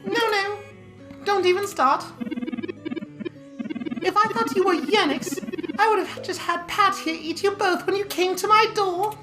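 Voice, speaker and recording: A wry, motherly older scientist with a very high, bright voice, as a woman reads her lines. She teases in a dry, mock-stern way. Game music plays underneath. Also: measured pace, pauses often, poor audio.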